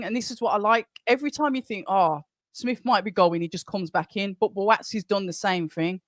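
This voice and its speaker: A man's voice: sits high, no room sound, clean studio sound. A man hosting a live watch-along and calling a boxing match round by round, chatting with viewers between rounds. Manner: excitable, calls punches quickly, chats with the viewers. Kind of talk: live fight commentary and chat.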